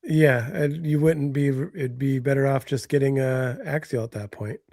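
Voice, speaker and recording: A man's voice: medium pitch, moderate pace, gravelly, a little mellow, no echo. Co-host, male, chatty and trailing, mid-range voice, dry close mic. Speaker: co-host of a hobby talk stream. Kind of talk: casual chat.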